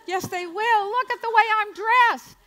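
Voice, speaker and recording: A woman's voice: very high-pitched, measured pace, pushed and bright, voice pushed up, exaggerated voice. A woman voicing a little girl who pleads and insists with her mother in a whiny tone. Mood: pleading.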